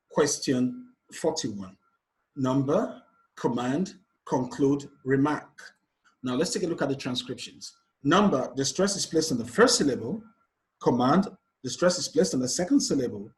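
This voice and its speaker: A man's voice: medium pitch, animated, unhurried. A man teaching an exam revision lesson on word stress, patiently counting syllables aloud step by step. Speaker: English teacher. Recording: echoey room.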